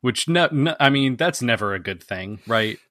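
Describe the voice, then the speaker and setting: A man's voice: mid-range voice, lively intonation, normal speed, sharp tone, dry recording, clean studio sound. A man co-hosting a podcast who recaps a film scene by scene in casual chat, peppered with "like". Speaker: podcast co-host.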